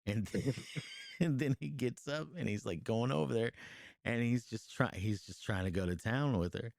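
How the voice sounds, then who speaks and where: A man's voice: medium pitch, normal speed, creaky, darkish tone, dry recording, clean studio sound. A man co-hosting a podcast, casually retelling a movie scene by scene in a rambling, profane way, full of fillers and restarts. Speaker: podcast co-host reviewing a movie. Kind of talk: casual chat, retelling a film.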